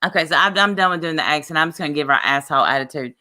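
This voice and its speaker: A woman hosting a casual livestream, sarcastic and animated, laughing often as she reads comments. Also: deep voice, racing, hardly any pauses. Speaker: livestream host.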